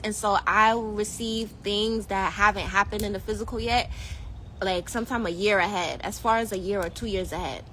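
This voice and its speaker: A woman vlogger telling a casual storytime, animated and slangy, laughing often. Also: medium pitch, a little hiss or hum, rough recording.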